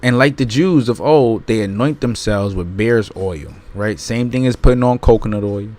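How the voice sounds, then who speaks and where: A man's voice: on the low side, normal speed, a little mellow. A man hosting his channel, reading a book aloud and breaking off into casual, emphatic commentary that repeats points and keeps asking his listeners "right?". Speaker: channel host.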